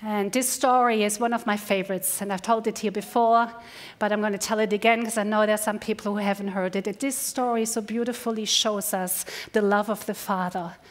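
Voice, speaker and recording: A woman pastor preaching a sermon in church, earnest, slowing down to stress key words. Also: mid-range voice, fairly even intonation. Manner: earnest, slows down for emphasis. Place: church service.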